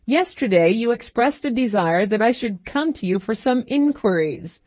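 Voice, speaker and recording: A woman's voice: on the high side, expressive, moderate pace, darkish tone, dry recording, highs cut off. A woman voicing an irritable, proud young male student, with clipped, bitter speech. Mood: irritated.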